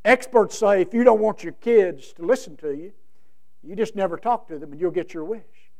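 A middle-aged male preacher giving a sermon, emphatic, with big swings from loud to soft. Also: sits high, normal speed. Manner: emphatic, with wide swings in loudness.

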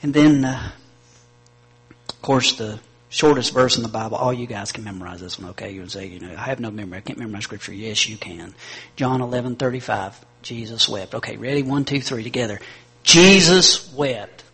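A man preaches a sermon in a strongly husky, grainy voice. He reads quietly, then rises to loud, emphatic declarations. He has his listeners repeat lines back to him. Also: lowish voice, brisk. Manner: leads the congregation in call-and-response. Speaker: pastor.

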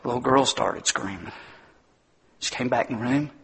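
A man's voice: mid-range voice, normal speed, gravelly, breathy edge. A middle-aged man preaching a sermon, telling folksy stories and acting out the voices of the people in them. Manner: folksy, animated storytelling with mimicked voices.

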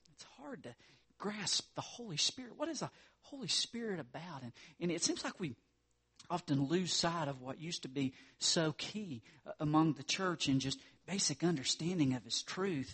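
A man's voice: on the high side, a bit bright, slightly rough. A man preaching a sermon as pastor, earnest, lifting his voice for emphasis.

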